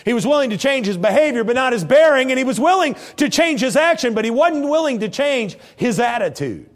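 A middle-aged male preacher delivering a sermon with animated storytelling. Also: very high voice, a little fast. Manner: animated storytelling, acting out scenes in voices.

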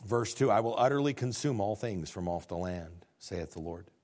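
A man with a Midwestern American accent preaching a sermon. He reads scripture aloud, explains it, and swings from low asides to loud, high-pitched peaks. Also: lively intonation, normal speed. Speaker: pastor.

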